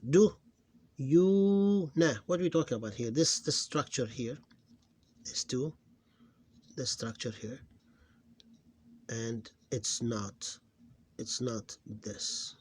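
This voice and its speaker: Slow, husky-voiced male phonics teacher. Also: medium pitch. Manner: halting, with many restarts and self-corrections; sounds out syllables loudly and slowly. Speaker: Arabic reading teacher. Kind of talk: explaining a phonics lesson.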